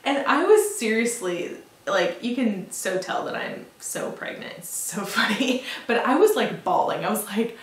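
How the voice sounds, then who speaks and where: A woman's voice: a little high, big pitch swings, measured pace. A young adult woman vlogging in casual chat, talking freely with many fillers and laughs. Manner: chatty, lots of fillers and laughs. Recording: roomy echo, mic at a distance.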